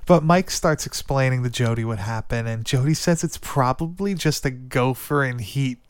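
A man's voice: medium pitch, moderate pace, smooth, no room sound. A man casually recapping a movie plot on a podcast, rambling and swearing, with lots of "like" and "dude". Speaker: podcast co-host.

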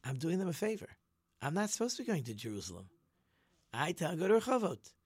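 A man voicing a harried male bus driver who pleads that he cannot change his route and later explains his trick calmly. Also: a little high, fast, husky, no room sound, clean studio sound, pitched above the performer's own voice. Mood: matter-of-fact. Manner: earnest, pleading, matter-of-fact.

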